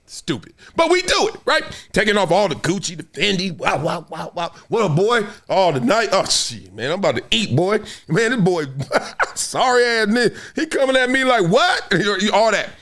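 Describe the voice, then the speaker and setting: A man hosting a casual commentary show, profane and animated, who keeps acting out little scenes. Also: high-pitched, moderate pace. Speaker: host.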